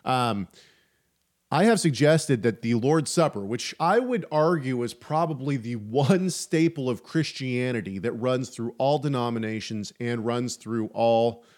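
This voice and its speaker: A man co-hosting a casual faith podcast, talking in an animated, chatty way with frequent restarts and asides. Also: mid-range voice, unhurried. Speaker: podcast co-host.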